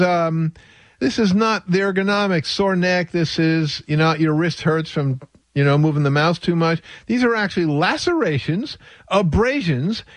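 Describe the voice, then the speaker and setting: A man's voice: on the high side, no echo. A man hosting a radio health talk show as a doctor, delivering a monologue with wry, sarcastic asides and little chuckles.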